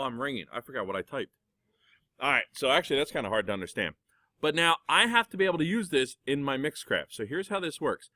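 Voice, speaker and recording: A middle-aged man teaching a class how to use music software, talking casually and calling his students guys. His voice sounds dry and close, with no room echo, as if recorded at a desk. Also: mid-range voice. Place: computer lab classroom.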